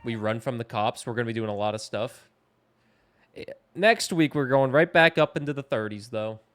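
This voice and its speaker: A man's voice: mid-range voice, animated, moderate pace, fairly bright tone. A young man from Canada chatting casually and joking while playing a game at home. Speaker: streamer. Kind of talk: casual gameplay commentary. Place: home, indoors. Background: game music.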